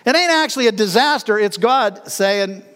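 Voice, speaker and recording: A middle-aged male pastor preaching with a high, lively voice that swoops up and down. He talks in a folksy, animated way and laughs between his lines. The sound carries a long hall reverb. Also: normal speed, clean tone. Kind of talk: sermon.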